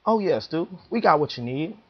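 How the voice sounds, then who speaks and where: A man's voice: on the high side, very animated, normal speed, slightly rough, voice pushed up. A man voicing a friendly male ball driller who chats through technical advice, on a dull lo-fi recording. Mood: helpful.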